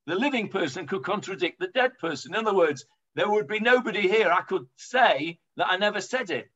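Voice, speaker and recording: A man's voice: high voice, lively intonation, a little fast, pushed and bright, highs cut off. A man with an English accent teaching an informal Talmud class, chatty and full of hesitations. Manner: chatty explaining, lots of hesitations.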